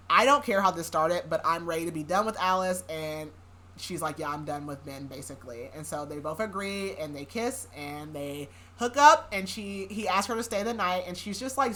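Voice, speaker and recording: A woman's voice: low voice, fairly bright tone. A young woman hosting a podcast, recapping a novel in a chatty way, with sarcastic asides and frequent laughs. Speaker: podcast host. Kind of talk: casual book recap.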